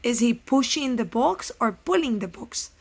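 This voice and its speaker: A middle-aged female teacher, her voice on the high side and lively in intonation, gives first graders a recorded science lesson, explaining slowly and quizzing them along the way.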